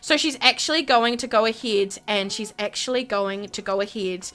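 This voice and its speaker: A woman narrating her life-simulation game play in an animated way, gasping and exclaiming as she goes. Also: mid-range voice, moderate pace. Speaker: gaming YouTuber.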